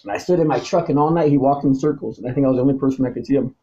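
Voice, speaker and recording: A man talking alone to the camera, swinging between low mutters and loud, angry, profane outbursts and repeating himself. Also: racing, dull audio. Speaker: vlogger. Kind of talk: rambling solo monologue to camera.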